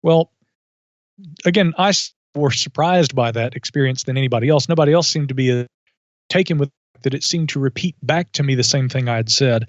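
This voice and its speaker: A man's voice: mid-range voice, dry recording. Thoughtful man telling a story, lo-fi. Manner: thoughtful, measured, with asides and self-corrections. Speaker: podcast guest. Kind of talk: reflective storytelling in conversation. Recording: dull lo-fi audio.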